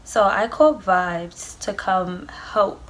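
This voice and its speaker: In her storytime vlog, a young adult woman rambles and swears, filling the tale with "like." She talks slowly in a medium-pitched voice.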